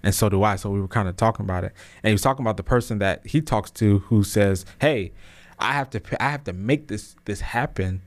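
Podcast host, man, 30s, low-pitched, casual slangy motivational talk that swells into emphatic, preachy peaks. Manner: casual slang, many restarts.

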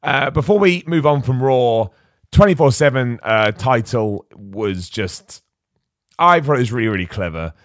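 Brief: male podcast host, mid pitch, chatty and opinionated, close dry mic. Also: animated, unhurried, dry recording. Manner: chatty, opinionated, stumbles and repeats words. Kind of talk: casual wrestling chat, reading super chats.

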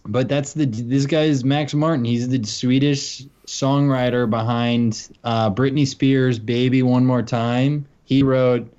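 A man co-hosts a comedy podcast from a video call, his talk loose and rambling, full of fillers and quick laughs. His voice sits at an ordinary middle pitch. The call audio is dull and lo-fi. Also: steady tone, a little mellow, smooth. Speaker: podcast co-host. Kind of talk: casual comedic chat.

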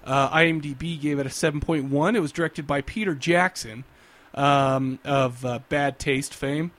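A man hosts a podcast in loose, casual chat. He rambles and hesitates, filling gaps with ums and uhs. His voice sits a bit high. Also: fairly even intonation, normal speed, a bit bright. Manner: rambling, hesitant, many fillers. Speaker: podcast host.

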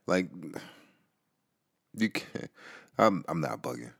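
A man with a very deep voice hosts a casual podcast monologue at an unhurried pace, relaxed from smoking. He rambles loosely, with lots of fillers, restarts and profanity, occasionally getting heated, all captured on a home podcast mic.

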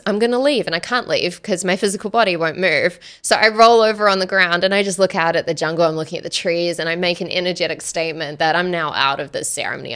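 A woman guest telling a personal story in casual chat, animated, acting out quoted dialogue and laughing often. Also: fairly low pitch, gravelly. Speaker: podcast guest.

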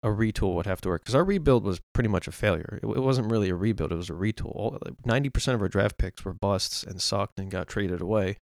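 A man with a low, gravelly voice complains through a casual sports podcast. He talks in frustrated bursts, breaking off and restarting his sentences. The sound is dry and close, with no room echo. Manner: frustrated, rapid ranting with restarts and swearing. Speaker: podcast co-host.

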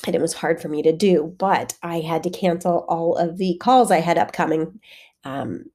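A woman's voice: fairly low pitch, moderate pace, dark tone. A woman fitness coach hosting her own podcast, talking candidly in a conversational way while congested with a head-cold voice. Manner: candid, conversational, with frequent fillers. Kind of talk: solo podcast monologue.

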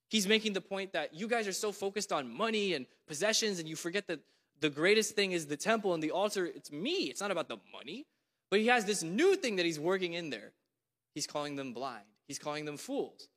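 A man's voice: high voice, lively intonation, fairly quick. A young man giving a casual sermon, chatty and full of "like", who reads scripture aloud with force. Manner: conversational, lots of "like", rising to loud scripture reading. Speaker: preacher. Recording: long hall reverb.

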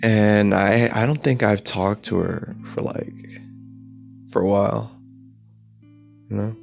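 A man's voice: on the low side, fairly even intonation, takes it slowly, gravelly, darkish tone, highs cut off, soft background music. A young man telling a personal story in a rambling, casual way, full of "like" and "dude" and the odd swear word. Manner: rambling, filler-heavy, swearing, says "dude" and "like".

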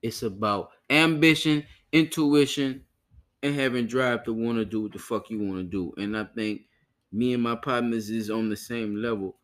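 A man's voice: medium pitch, fairly even intonation, normal speed, a bit bright. A man hosting a podcast in loose, profane casual chat, often repeating himself to listeners. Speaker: podcast host.

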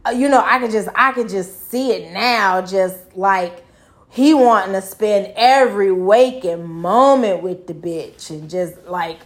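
A middle-aged woman telling a personal story in a blunt, profane, rambling way, full of fillers. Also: on the high side. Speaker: vlogger commenting on a news case. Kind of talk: casual storytelling commentary.

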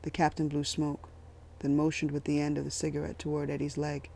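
Gravelly male storyteller, steady and flat in pitch. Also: fairly quick. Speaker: audiobook narrator. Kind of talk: scripted narration.

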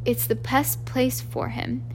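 A woman reading an audiobook, voicing a wise old male wizard in a calm, firm, quiet manner. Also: high-pitched, takes it slowly, a little hiss or hum. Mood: grave.

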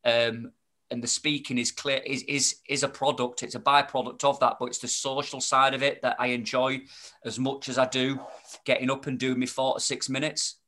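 Bright-voiced man, rambling. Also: mid-range voice, flat delivery, moderate pace. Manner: rambling, many restarts and fillers. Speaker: podcast guest, spoken-word performer. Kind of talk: casual podcast chat.

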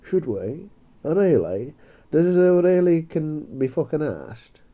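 A man's voice: on the high side, very animated, slow, lo-fi sound. A man hosting a comedy podcast, rambling, sweary and self-mocking. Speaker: podcast host. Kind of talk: casual comedy chat.

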